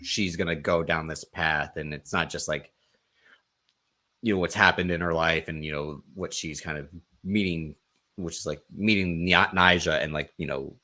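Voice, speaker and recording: A man co-hosting a podcast, chatting casually about a TV show, peppering his talk with "like" and "um" and quick laughs. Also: low voice, steady tone, pushed and bright. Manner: laughs often, fills with um and like. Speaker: podcast co-host. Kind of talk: casual chat.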